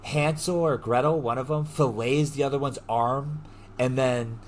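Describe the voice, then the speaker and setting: A man hosting a podcast, retelling a story in a casual, animated way, full of slang and swearing. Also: medium pitch, measured pace, a little hiss or hum. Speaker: podcast host. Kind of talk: casual chat.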